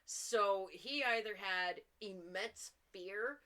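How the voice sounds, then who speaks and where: A young woman co-hosting a casual podcast chat, trading dark humor about killers and swearing casually, with lots of fillers. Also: mid-range voice, slow pace. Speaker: podcast co-host.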